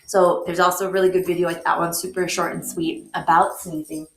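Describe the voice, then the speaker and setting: A woman's voice: lowish voice, little pitch movement, brisk, a little hiss or hum. A woman biology teacher explaining a lesson to her students, with lots of ums and friendly asides. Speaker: high school biology teacher. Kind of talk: recorded remote lesson. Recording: echoey room.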